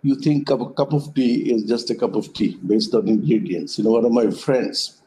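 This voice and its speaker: A man's voice: medium pitch, moderate pace, dark tone, slight background noise, rough recording. A man giving a reflective conference talk by video call, a thoughtful storyteller who speaks in metaphors. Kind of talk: reflective talk told through parables. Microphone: web conference call.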